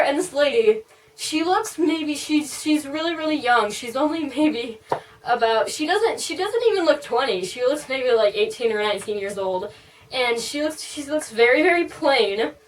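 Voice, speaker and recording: Young woman vlogger, slightly high voice, rambling storytime, sits a bit far from the mic. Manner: rambling, full of "like" and "um". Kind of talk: casual storytime.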